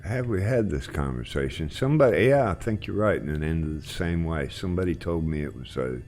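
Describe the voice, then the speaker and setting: A man hosting a flight sim group, chatting in a relaxed, rambling way while he flies. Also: sits low, brisk. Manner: relaxed, rambling, trailing off quietly. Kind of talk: casual chat while flying.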